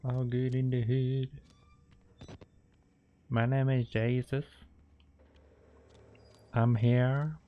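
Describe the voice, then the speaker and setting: Guy streaming a horror game, slow unhurried talk, goofy and jokey with chat. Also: medium pitch, level tone, muffled recording. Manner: playful, joking with chat. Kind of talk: live gameplay commentary.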